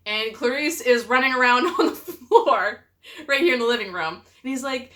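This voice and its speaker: Bright-voiced laughing woman vlogger. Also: sits high, moderate pace. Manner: animated, laughing often. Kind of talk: casual storytelling to camera.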